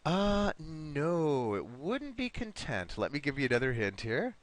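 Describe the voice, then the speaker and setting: A man's voice: on the high side, very animated, measured pace. A man teaching an online English vocabulary class, patiently repeating words and encouraging his students.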